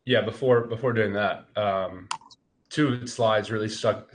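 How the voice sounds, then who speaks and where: A man hosting a webinar, offering measured, appreciative feedback. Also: on the low side, steady tone, slight background noise. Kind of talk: webinar conversation.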